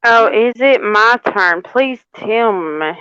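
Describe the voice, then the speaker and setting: A woman's voice: a little high, expressive, takes it slowly, pushed and bright, clean tone, dry recording. A woman who is a tarot reader, chatting in a sassy, playful, teasing way during a live reading. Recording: dull, muffled mic.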